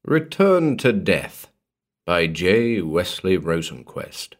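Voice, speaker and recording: Slow, deep-voiced male horror narrator. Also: very animated. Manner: measured, dramatic reading. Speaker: podcast narrator. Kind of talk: scripted horror story narration.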